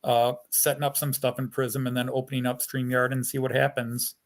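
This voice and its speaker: A man's voice: mid-range voice, flat delivery, fairly quick. A man chatting on a live stream in a jokey, playful way. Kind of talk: casual chat on a live stream.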